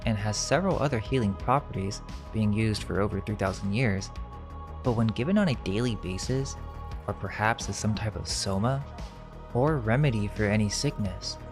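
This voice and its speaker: Low-voiced man narrating with faint music. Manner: measured, suggestive, rhetorical questions. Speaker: narrator of a conspiracy video. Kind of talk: scripted narration.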